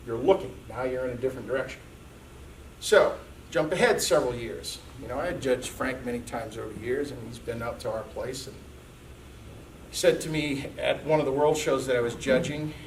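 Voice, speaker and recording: A man's voice: mid-range voice, a little hiss or hum. A man giving a live seminar talk, telling stories in a conversational way and checking in with "okay" as he goes. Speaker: seminar speaker. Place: seminar room. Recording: echoey room, mic distant.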